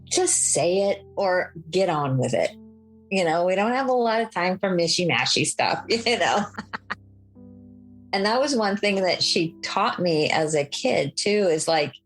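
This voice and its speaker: A middle-aged woman sharing memories as an interview guest, candid and direct, with soft laughs between her thoughts. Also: fairly low pitch, animated, measured pace, faint music behind, low-quality recording. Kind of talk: personal storytelling in an interview.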